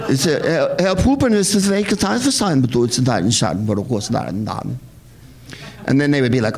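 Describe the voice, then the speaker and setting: Man, film screening host, rambling comic talk, sardonic, profane, lively pitch. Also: a little fast. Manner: rambling, sardonic, profane, with sudden high-pitched put-on voices. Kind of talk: comic talk introducing a film to a live audience.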